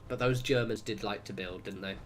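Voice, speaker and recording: A man with a Southern English accent, from Wiltshire in Southwest England, livestreams gameplay while chatting loosely, reacting aloud and cursing now and again. He speaks a little fast on the low side, and a faint hiss or hum can be heard.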